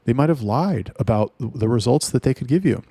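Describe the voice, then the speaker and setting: A man's voice: mid-range voice, lively intonation, brisk, warm tone, dry recording. A man ranting in a casual, blunt and heavily profane monologue. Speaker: talk host.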